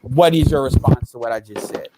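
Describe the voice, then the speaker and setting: A man's voice: mid-range voice, fairly quick, background noise. A man hosting a casual livestream, talking bluntly with lots of profanity and repeating his points. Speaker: livestream host.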